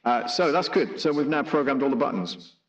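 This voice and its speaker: A man's voice: mid-range voice, brisk, voice pushed up. A man talking through a megaphone radio effect, chatty and thinking aloud. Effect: megaphone radio filter. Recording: dull radio-filtered sound.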